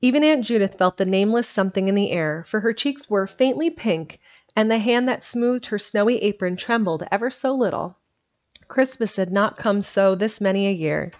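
A woman narrating a classic storybook chapter in a steady, even storytelling manner, on a slightly muffled home stream recording. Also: mid-range voice, normal speed. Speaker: audiobook reader.

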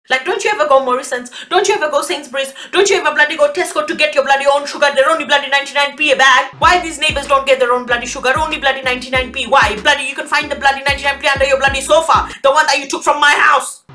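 Brief: woman, comedy monologue, exasperated rant, high voice with a sharp edge. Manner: ranting, exasperated, swears often. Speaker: comedy youtuber.

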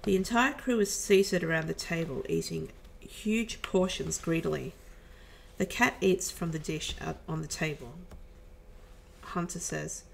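A woman reading a film script aloud, with low-key, chuckling asides. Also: measured pace, creaky, slightly rough, rough recording.

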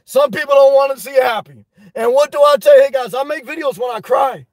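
A man hosting a live stream, reading chat and telling a story in a loud, animated way, swearing often. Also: very high-pitched, fast, no echo. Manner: animated, loud, swears a lot, repeats himself. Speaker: livestream host reading chat. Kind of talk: casual livestream rant.

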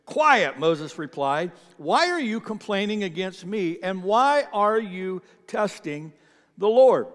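A man preaching a sermon as pastor, conversational, often repeating words and swinging between loud emphasis and quiet asides. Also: high voice, long reverb tail. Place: church sanctuary.

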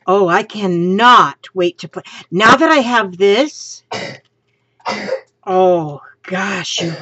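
A woman on a casual craft vlog, exclaiming with delight over her new materials. She talks at an unhurried pace, close and dry. The sound is dull and lo-fi. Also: medium pitch, no echo. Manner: gushing, excitable, exclaims often. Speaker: craft vlogger.

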